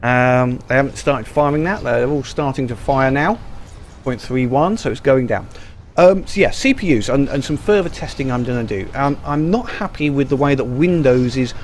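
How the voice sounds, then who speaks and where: A man's voice: medium pitch, moderate pace, slight background noise. A man giving casual, rambling gameplay commentary full of ums and restarts, recorded over a screen capture. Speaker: gaming YouTuber.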